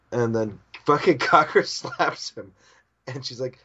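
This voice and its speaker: A man's voice: mid-range voice, slow, pauses often, fairly bright tone, husky, highs cut off. A man co-hosting a podcast in casual chat, reading out manga panels and putting on the characters' lines with bursts of laughter. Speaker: podcast co-host.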